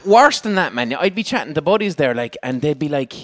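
A man's voice: fairly high pitch, fairly quick. An Irish man hosting a live comedic chat in front of an audience, swearing a lot and laughing often. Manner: animated, swearing, bursts of laughter. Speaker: podcast host.

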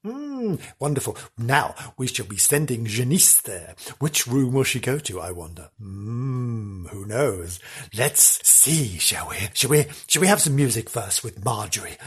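A man's voice: medium pitch, slightly rough. A man hosting a comedy podcast who tells ghost stories in a theatrical, playful way, full of innuendo and asides. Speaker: podcast host. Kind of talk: comedic ghost-story telling.

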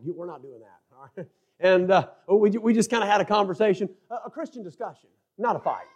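A middle-aged man preaches a sermon in an unusually high voice. He rises to fervent shouts, then drops to hushed, confessional talk. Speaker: assistant pastor preaching.

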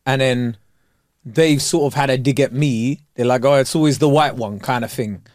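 A man's voice: medium pitch, normal speed, a little mellow, dry recording, clean studio sound. A man co-hosting a podcast, teasing and blunt in casual banter. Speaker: podcast co-host. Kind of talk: casual chat.

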